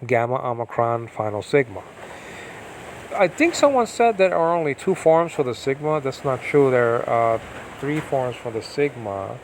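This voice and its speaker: During a storm at home, a man runs a relaxed online lesson on Biblical Greek grammar, rambling and thinking aloud with plenty of fillers and side comments. His medium-pitched voice has lively intonation and a moderate pace. The rough recording carries a little hiss or hum.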